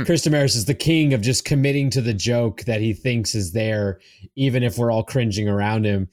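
A man's voice: medium pitch, moderate pace, a little mellow. A man telling a long anecdote on a podcast, full of fillers and restarts. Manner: rambling anecdote with frequent fillers. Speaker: podcast regular. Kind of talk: casual chat.

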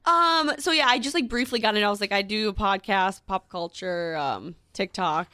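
A woman's voice: mid-range voice, lively intonation, normal speed, pushed and bright, dry recording. Woman, Long Island accent, podcast co-host, casual rambling storyteller, dry close sound. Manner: chatty storytelling, lots of "like" and "um". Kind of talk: casual chat.

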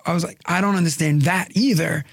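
Young New York man, podcast co-host; high, gravelly voice, rambling storyteller. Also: brisk. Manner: rambling, animated storyteller acting out quotes. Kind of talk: casual storytelling chat.

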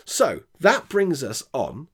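A man's voice: mid-range voice, wildly swooping pitch, breathy edge. Hesitant man reviewing films. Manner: hesitant, many fillers, measured verdicts. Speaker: podcast co-host. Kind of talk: casual film review chat.

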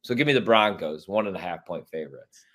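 A man's voice: sits low, brisk. A man from Chicago hosting a casual sports talk show, swearing freely with strong opinions. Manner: profane, animated and opinionated. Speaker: sports radio host.

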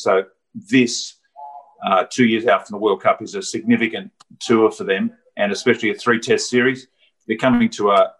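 A man giving measured rugby analysis on a sports talk panel, pausing often with fillers. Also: lowish voice, fairly bright tone, poor audio. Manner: measured, hesitant with many ums. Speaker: rugby pundit. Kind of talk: studio sports discussion.

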